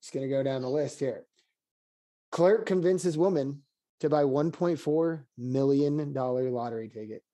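A man's voice: mid-range voice, normal speed, dark tone. A man hosting a casual podcast, reading out news headlines and laughing often with friends. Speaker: podcast host.

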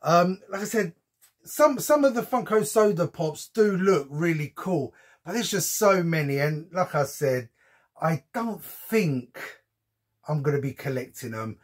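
A man's voice: fairly high pitch, animated, a little slow, husky. A man chatting casually as he unboxes a collectible for his channel, with frequent ums and slang. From United Kingdom. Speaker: unboxing vlogger.

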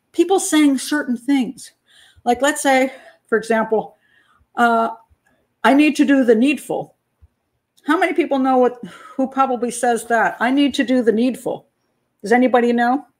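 An older American woman, a criminal profiler and channel host, chatting casually on a live stream, laughing often and answering viewer comments. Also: fairly high pitch. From United States.

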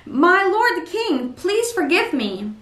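A penitent man begs his king for mercy, as a woman reads his lines. The voice is high. A roomy echo and some distance from the mic shape it. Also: big pitch swings, moderate pace, a bit bright. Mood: contrite. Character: penitent man begging a king's forgiveness.

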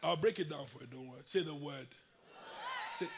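A man from Africa with a West African accent, preaching a sermon as a bishop, leading call-and-response and stretching key phrases slowly. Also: on the high side, vocal fry, in a large hall, background noise.

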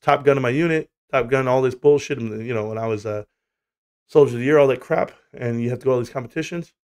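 A man's voice: medium pitch, quick pace, a little mellow. Rambling, swearing man on a livestream. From United States. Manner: rambling, swearing, laughing storyteller. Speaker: livestream host. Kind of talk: casual livestream chat.

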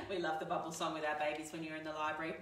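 Woman, children's session presenter, high and bright, cheerful sing-song delivery; echoey room, mic at a distance. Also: slight background noise. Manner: cheery, sing-song, talking to little ones and parents. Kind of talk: livestreamed baby and toddler singing session.

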